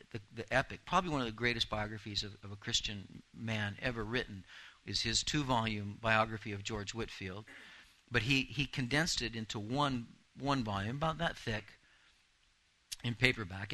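Bright-voiced preaching man. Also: mid-range voice, rough recording. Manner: earnest, emphatic preaching with repeated phrases. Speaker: pastor. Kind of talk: sermon.

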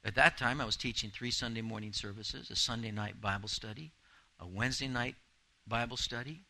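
A man's voice: medium pitch, a little fast, bright, forceful tone, low-quality recording. A man in his fifties, a pastor preaching an earnest, emphatic sermon.

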